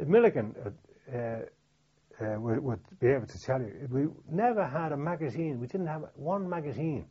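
An older man from Liverpool with a Liverpool accent, recalling wartime memories in an oral history interview, halting and plain-spoken with many restarts. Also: medium pitch, mellow, slightly rough. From Liverpool, England. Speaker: veteran interviewee. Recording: dull lo-fi recording.

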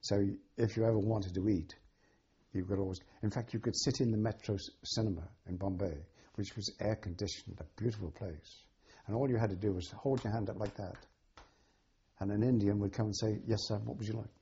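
Older man, very husky, dark and low tone, halting with frequent ums, dull lo-fi recording. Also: fairly even intonation. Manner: halting, with many ums and restarts. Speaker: interviewee. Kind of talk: oral history recollection.

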